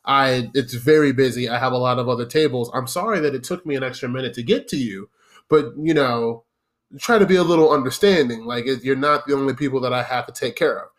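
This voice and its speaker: A young man hosting, telling a profane story about his old job in a casual, animated monologue that turns into rants at the listener. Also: medium pitch, fast talker. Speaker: podcast host.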